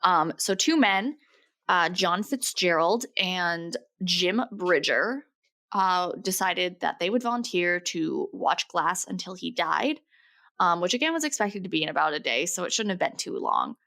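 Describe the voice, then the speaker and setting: A woman's voice: lowish voice, animated, a little slow, gravelly, a bit bright. A young woman co-hosting a podcast, telling a story in a loose, jokey way and laughing often. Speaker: podcast co-host. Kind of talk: casual storytelling chat.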